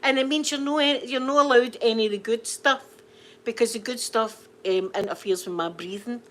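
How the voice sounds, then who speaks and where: A woman's voice: a little high, moderate pace, fairly bright tone, a little hiss or hum. Chatty Scottish woman streaming live. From Scotland. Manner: chatty, rambling, laughs often. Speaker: livestream host. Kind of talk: casual live chat with viewers.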